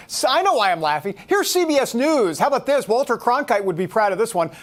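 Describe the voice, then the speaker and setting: A man's voice: very high voice, very animated, quick pace, hardly any pauses. A man hosting a talk show, giving sarcastic, incredulous commentary. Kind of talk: opinion commentary.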